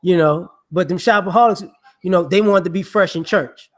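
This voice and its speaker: High-voiced man rambling in slangy commentary. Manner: rambling, slangy, digressive, with repeated "you know"; acts out people he mocks with quick voices. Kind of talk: casual monologue commentary.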